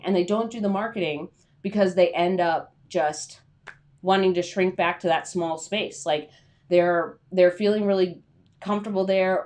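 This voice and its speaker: A woman's voice: on the low side, a little mellow. A woman giving a casual livestream talk on freelance writing, chatty with many fillers, acting out anxious inner voices.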